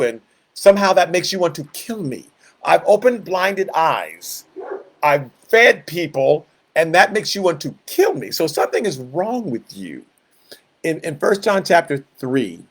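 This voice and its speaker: A man leading a Bible study in a conversational preaching style, animated and acting out quoted voices, shifting between loud and soft. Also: high-pitched.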